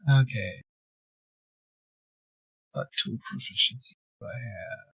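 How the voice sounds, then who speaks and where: A man's voice: medium pitch, wildly swooping pitch, slow, breathy edge, dry recording. A man playing in a tabletop game, thinking aloud hesitantly in casual talk. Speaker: player. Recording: dull lo-fi mic.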